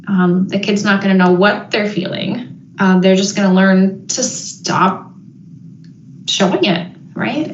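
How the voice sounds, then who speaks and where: A woman giving a parenting webinar, thoughtful and reflective, pausing with frequent ums and restarts. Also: medium pitch, slight background noise. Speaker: parenting educator. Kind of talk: webinar presentation. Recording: roomy, slightly dull audio.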